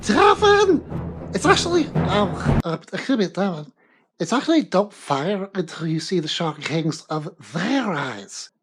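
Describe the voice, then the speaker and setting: A man's voice: extremely high pitch, wildly swooping pitch, moderate pace, fairly bright tone, a little hiss or hum, voice pushed up, heavily acted. A man voicing a fussy, pedantic nitpicker who interrupts to correct small mistakes, with prissy stress on single words. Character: shrill fussy pedantic nitpicker, high-voiced.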